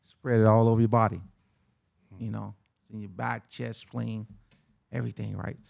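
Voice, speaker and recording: A man, a podcast guest, telling a personal story in a relaxed, conversational way and tagging "man" and "right?" onto his lines. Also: fairly low pitch, moderate pace, vocal fry, dry recording. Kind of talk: casual storytelling.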